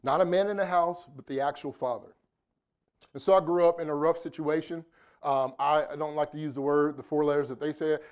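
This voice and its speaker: A man's voice: fairly high pitch, steady tone, fairly quick, a little mellow, clear, resonant tone. Joking man working a live room. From Indianapolis, United States. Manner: joking, chatty, playful with the audience. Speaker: keynote speaker. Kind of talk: live motivational keynote talk. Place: conference room before a live audience.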